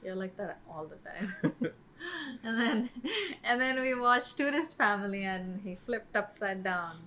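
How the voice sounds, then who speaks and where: A woman's voice: mid-range voice, expressive, unhurried, sharp tone. A woman co-hosting a podcast, chatting casually about films, with lots of "um" and "like". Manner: chatty, many fillers like "um" and "like". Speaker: podcast co-host. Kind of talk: casual film discussion.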